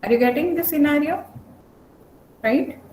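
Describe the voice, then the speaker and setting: She has a high, slightly mellow voice and keeps a measured pace while lecturing on programming online. Every so often she stops to make sure the class is following. The recording carries room echo and faint noise.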